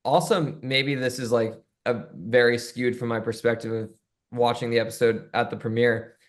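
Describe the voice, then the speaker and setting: A man's voice: mid-range voice, steady tone, moderate pace. Chatty man telling a casual story. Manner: chatty storyteller, loose and rambling. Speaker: podcast guest.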